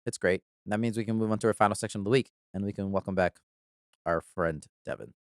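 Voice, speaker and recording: A man hosts a podcast in casual, excited chat, laughing often and swearing freely. His voice sounds smooth and clear. The sound is dry and close. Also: on the low side, fast talker, no room sound. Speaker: podcast host.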